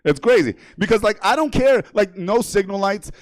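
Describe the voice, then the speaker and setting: With a high, expressive voice at a moderate pace, a New York comedian performs stand-up on a comedy theater stage. He's brash and profane and laughs at his own jokes, and there's no echo.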